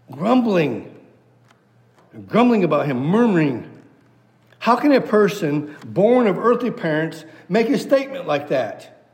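A man's voice: a little high, big pitch swings, unhurried, darkish tone. A man preaching an expository sermon, reading scripture aloud and hammering points home through repetition. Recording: long hall reverb.

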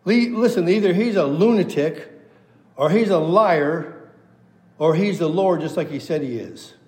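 A man's voice: a little high, expressive, unhurried, a little mellow. A man preaching an expository sermon, reading scripture aloud and hammering points home through repetition. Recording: long hall reverb.

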